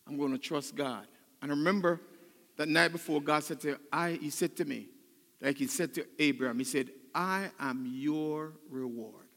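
An older man preaching a sermon as pastor, choked up and emotional, building to loud, fervent passages. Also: fairly high pitch, fairly even intonation, brisk, in a large hall. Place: church sanctuary.

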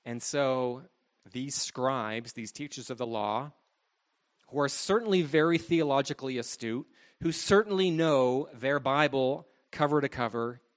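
Man, preacher, sermon, rhetorical questions, mid-pitched voice. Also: a little slow. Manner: expository preaching, rhetorical questions, dynamic emphasis.

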